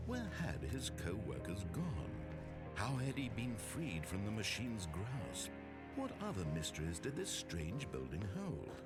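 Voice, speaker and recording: A man voicing a game's narrator, telling the story in a grave, theatrical, sweeping way over loud music. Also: low-pitched, exaggerated voice. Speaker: game narrator. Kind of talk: dramatic scripted narration. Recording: game audio with loud music.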